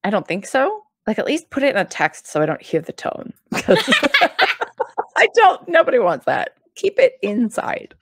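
A woman's voice: fairly high pitch, unhurried, husky, no room sound. A young woman co-hosting a podcast, recapping a show in casual chat, giggly and acting out quotes. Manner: animated, giggly, acts out quotes. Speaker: podcast co-host.

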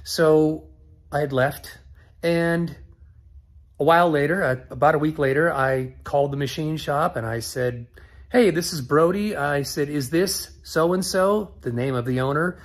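A middle-aged man casually telling a story to camera, acting out both sides of a phone call in an animated way. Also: on the high side, moderate pace. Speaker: car-build vlogger.

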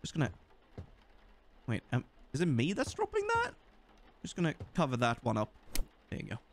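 A man's voice: medium pitch, normal speed, noisy background. A young man with a Swedish accent giving playful let's-play commentary and chatting to the game as he plays. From Sweden. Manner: animated, joking, talks to the game. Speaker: gaming YouTuber.

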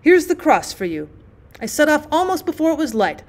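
A woman's voice: high voice, sing-song, a little fast, voice pushed up. A woman reading the part of an anxious old peasant turner who mutters, pleads and rambles. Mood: pleading. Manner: pleading, rambling, self-pitying.

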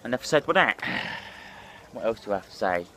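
A man's voice: fairly low pitch, sing-song, normal speed, a bit bright, slight background noise. A hungover man, ranting and swearing bluntly in a rambling vlog monologue while drinking. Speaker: drinking vlogger.

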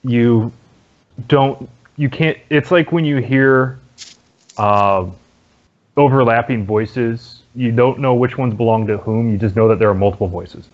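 A man narrating as dungeon master in a relaxed, halting way with many fillers. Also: medium pitch. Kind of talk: narrating a tabletop game. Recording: dull lo-fi audio.

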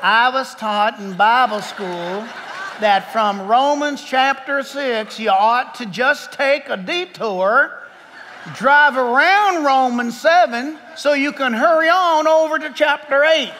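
A man doing an impression of an old-time male Bible teacher, reading slowly with a put-on accent. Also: very high-pitched, pushed and bright, slight background noise, full character voice. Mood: amused. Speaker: pastor. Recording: long hall reverb.

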